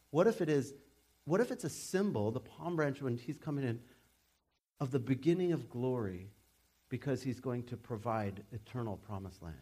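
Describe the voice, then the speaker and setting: A young adult man delivers a sermon as a pastor, casual and animated, often restarting his sentences. His voice is fairly high.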